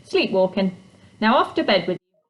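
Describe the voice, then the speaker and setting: A woman's voice: mid-range voice, sing-song, moderate pace, natural voice, poor audio. A woman voicing a grumpy, snappish, short old male creature in a storybook reading. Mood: grumbling. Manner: snappish, grumbling, impatient.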